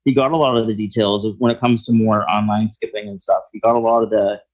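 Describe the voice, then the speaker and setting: A man's voice: fairly low pitch, fairly even intonation, quick pace, darkish tone, muffled recording. A man talking as a guest in a casual interview, explaining his work in a thinking-aloud way. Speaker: skip tracer guest.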